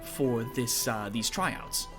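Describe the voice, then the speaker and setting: A man voicing a fancily dressed male skeleton envoy who talks in a hurried, fussy, welcoming way. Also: mid-range voice, lively intonation, over music. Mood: fussy eager.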